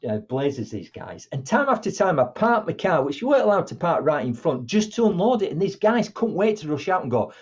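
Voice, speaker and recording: Husky storyteller man. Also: on the high side, a little fast, few pauses, muffled recording. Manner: animated, acts out dialogue in different voices. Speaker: motivational speaker, guest. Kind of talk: conversational storytelling.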